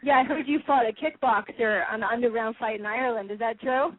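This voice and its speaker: A chatty, animated radio show host laughs easily as she conducts an interview, talking briskly. Her fairly high voice comes through a thin, phone-like line, and the sound is dry and close with no echo.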